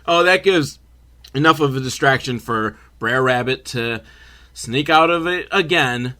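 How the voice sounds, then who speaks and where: A man's voice: mid-range voice, a little slow, sharp tone. Sarcastic, profane man recapping a film. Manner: sarcastic, profane, rambling asides. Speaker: comedy reviewer.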